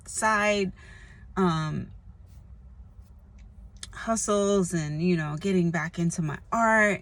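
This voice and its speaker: A woman vlogger talking casually and earnestly to camera, rambling with lots of "like" and "you know.". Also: mid-range voice. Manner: earnest, confessional. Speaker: spiritual vlogger. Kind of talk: casual spoken monologue.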